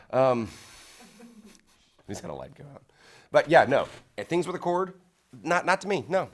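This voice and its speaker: A man's voice: mid-range voice, big pitch swings, moderate pace, long pauses. A man hosts a local talk show, riffing through a casual monologue. His voice swoops up and down as he reacts with mock disbelief and laughs along with a small studio audience.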